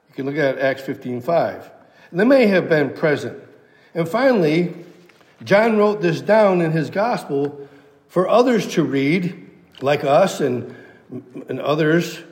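A man delivers a verse-by-verse sermon in an emphatic, teacherly way, leaning on repeated phrases to drive points home. His voice sits a little on the high side. The sound carries a long reverb, like a large hall. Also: darkish tone. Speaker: pastor. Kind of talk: expository sermon.

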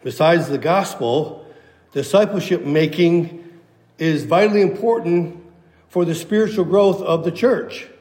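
A man's voice: fairly high pitch, a little slow, a little mellow, reverberant, long reverb tail. A pastor preaching a sermon to his church, emphatic and repeating key phrases for weight.

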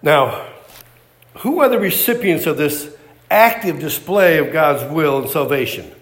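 A man's voice: a little high, lively intonation, measured pace. A man preaching a sermon, emphatic and repetitive, firing off rhetorical questions.

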